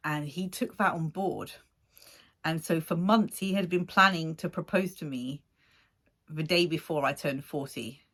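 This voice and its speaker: A woman in her forties casually telling a rambling story to camera, laughing often and acting out what people said. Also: sits low. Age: 40s. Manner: rambling, animated, laughs often, acts out quotes. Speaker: vlogger.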